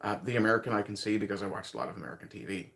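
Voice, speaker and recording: Speaking very fast with lively intonation, this livestream host has a low-ish, slightly bright voice with vocal fry. He's from Newfoundland, Canada, with a light accent, and rambles and chuckles while chatting loosely with viewers.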